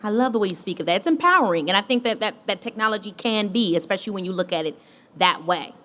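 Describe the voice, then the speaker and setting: A woman hosting a podcast live onstage, asking quick follow-up questions and reacting in a playful, excitable way. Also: medium pitch. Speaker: podcast host. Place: live stage with an audience.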